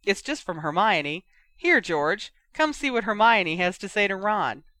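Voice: mid-range voice, animated, measured pace, pushed and bright, no room sound. An audiobook reader voicing a teasing young woman who mocks her brother, in a raised, gleeful tone. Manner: mocking, gleeful.

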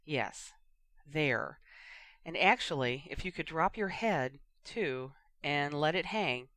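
A reader voicing a gentle young woman who talks softly and soothingly to her partner in an audiobook. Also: medium pitch, animated, takes it slowly. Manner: soft, soothing. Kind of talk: audiobook reading.

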